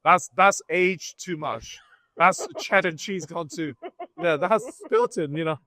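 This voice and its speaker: Man from Britain, livestream guest, rambling casual talk, fairly high voice. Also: unhurried, pushed and bright, dry recording.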